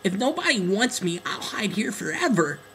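A man's voice: high voice, big pitch swings, normal speed, a bit bright, slight background noise, voice pushed up. A man voicing a sad, lonely young duckling in a storybook, speaking plaintively. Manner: plaintive, pleading.

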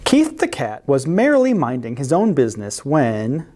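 A woman librarian reading a picture book aloud to children in an expressive storytelling voice. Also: extremely low pitch, moderate pace, slight background noise.

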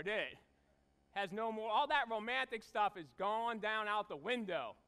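High-pitched, bright-voiced male preacher. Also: clear, resonant tone. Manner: animated storytelling, acting out voices. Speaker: pastor. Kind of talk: sermon. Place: church sanctuary.

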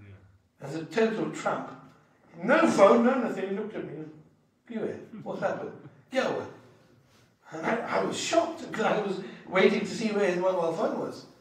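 A man preaches in a fairly high voice. He tells stories with animated, acted-out quotes. His voice rings through a very echoey hall, picked up from some distance away. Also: moderate pace. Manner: animated storyteller who acts out quoted voices and laughs. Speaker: Islamic teacher. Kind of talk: sermon with told anecdotes.

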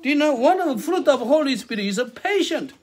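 Animated husky male preacher, high voice. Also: fast. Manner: animated, questions the listeners, broken English. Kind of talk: interactive sermon.

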